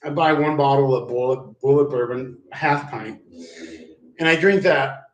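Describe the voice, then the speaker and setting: A man's voice: mid-range voice, a little slow, dull audio. Profane man rambling in a roomy room. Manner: profane, slangy, keeps saying "dude". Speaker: live streamer. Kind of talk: rambling casual storytelling. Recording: roomy, distant mic.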